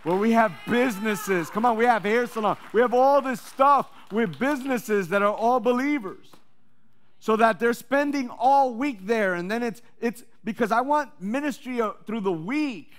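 Male pastor, high voice, lively sermon delivery with loud peaks and low asides. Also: normal speed. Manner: energetic preaching that swings between loud calls and low asides.

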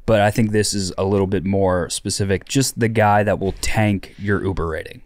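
A man's voice: fairly low pitch, fairly even intonation, moderate pace, darkish tone, no room sound. A man guesting on a podcast, telling rambling stories with swearing and lots of fillers. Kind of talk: casual storytelling banter.

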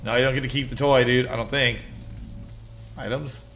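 A man's voice: mid-range voice, fairly even intonation, normal speed, a bit bright, a little hiss or hum. A man streaming a horror game, swearing and reacting in panic, with game music playing behind him. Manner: panicked swearing, screams and repeated exclamations. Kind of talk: live horror game commentary.

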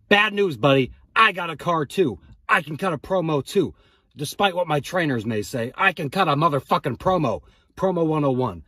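A man hurls heated, profane trash talk in a comedic wrestling promo filmed in a car on a phone. His voice is husky, and the sound is dry and close, with no room around it. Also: on the high side, expressive, normal speed, pushed and bright, no echo.

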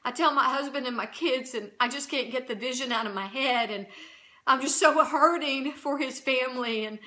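A woman's voice: high voice, normal speed, sharp tone. A middle-aged woman telling a personal faith testimony in an earnest, emotional way, often stopping and restarting. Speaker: Christian channel host.

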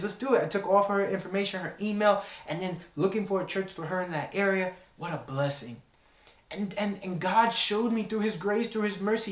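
A man's voice: high-pitched, a little fast. Earnest young man preaching in an echoey room. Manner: earnest storytelling with repeated phrases. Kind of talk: sermon with personal story.

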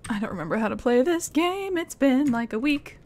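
Her voice is high and a little mellow, with lively intonation and a brisk pace, plus some faint hiss or hum. She's a young streamer giving casual commentary on her gameplay, giggling and chatting with her viewers and the game's characters.

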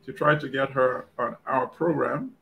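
A man co-hosting a panel discussion, speaking in a deliberate, reflective way. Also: mid-range voice, steady tone, gravelly, bright, forceful tone, a little hiss or hum, poor audio. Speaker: co-host and weekly radio host.

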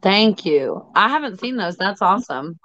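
A woman's voice: mid-range voice, big pitch swings, moderate pace, fairly bright tone, a little hiss or hum. A woman hosting a casual livestream chat, talking with viewers and easily sidetracked. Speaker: livestream host. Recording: dull lo-fi audio.

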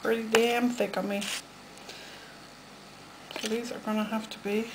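A woman's voice: fairly high pitch, little pitch movement, a little slow, very noisy. A woman with a Dublin accent making soap and chatting casually, teasing and muttering as she works. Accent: Dublin Irish. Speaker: soap maker. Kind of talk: casual craft demonstration.

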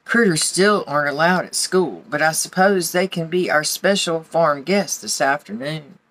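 A woman's voice: low-pitched, moderate pace, fairly bright tone, rough recording. A woman voicing a firm but kind female schoolteacher in a children's story.

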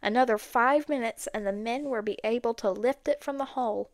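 A woman reading a storybook chapter aloud in a steady, even way. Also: on the high side, brisk, no echo, studio quality. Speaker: audiobook narrator. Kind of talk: storybook narration.

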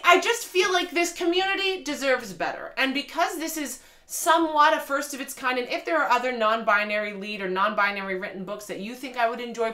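A woman's voice: on the high side, animated, a little fast, few pauses, fairly bright tone, faint music behind. A young woman reviewing a book in a casual, emphatic and exasperated vlog rant.

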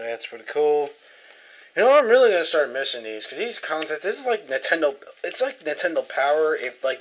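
A man's voice: mid-range voice, a bit bright, slight background noise. A young man doing a casual unboxing vlog at home on a camera mic, rambling, swearing often and getting easily frustrated. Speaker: vlogger. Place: indoors at home.

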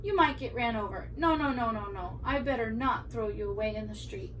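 A woman's voice: fairly high pitch, a little fast, a bit bright, close to an everyday voice. A woman voicing an elderly man who scolds his old hat and fusses to himself, recorded from a distance with faint room noise. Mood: fussing.

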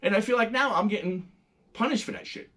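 A middle-aged man, hosting a casual, profane and animated monologue. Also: high-pitched, a little fast. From New York. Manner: animated, profane storytelling, acting out quoted voices. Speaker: host.

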